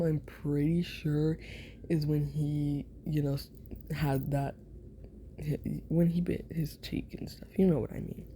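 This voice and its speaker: A woman narrates a whispered role-play story, rambling with giggles and fillers. Her voice is low and deeply mellow, and she speaks slowly, with faint noise in the background. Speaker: ASMR storyteller.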